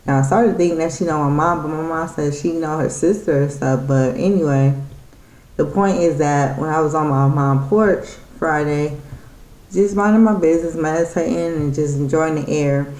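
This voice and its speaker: A woman's voice: low-pitched, moderate pace, darkish tone. Irritated woman rambling in an echoey room. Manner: rambling, irritated, full of fillers and restarts. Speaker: vlogger. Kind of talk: casual storytelling vlog.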